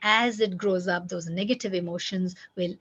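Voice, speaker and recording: A woman's voice: on the low side, steady tone, normal speed, a bit bright, slightly rough. A woman giving parenting advice, emphatic and repetitive, acting out children's words as she teaches. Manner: emphatic, repeats key points, acts out children's lines. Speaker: parenting coach. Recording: dull lo-fi recording.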